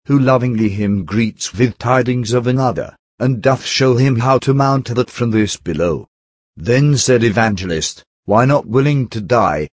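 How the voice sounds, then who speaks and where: A man reading an old-fashioned allegory aloud as narrator, in a measured manner and close on a dry recording. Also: medium pitch, dry recording. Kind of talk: scripted narration.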